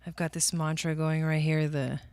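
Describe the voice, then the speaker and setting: A woman's voice: sits low, steady tone, a little slow, dry recording. A woman doing casual livestream astrology and tarot readings, chatty, laughing often and talking to her viewers by name.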